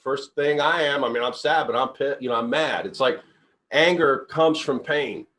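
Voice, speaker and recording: Middle-aged male speaker, earnest and rambling, lots of self-corrections, average pitch. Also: moderate pace, fairly bright tone. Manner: rambling, restarts often, earnest storytelling. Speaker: company CEO giving a talk. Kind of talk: informal motivational talk.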